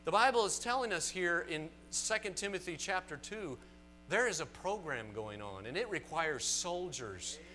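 A man with a Southern US accent preaching a sermon to a congregation, animated and emphatic with folksy asides. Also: high-pitched, moderate pace, faint music behind. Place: church sanctuary.

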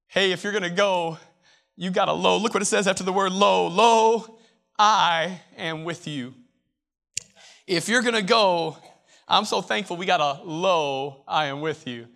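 A man's voice: on the high side, a bit bright. A man preaching a chapel sermon to Bible college students, emphatic and repetitive, often restarting his phrases.

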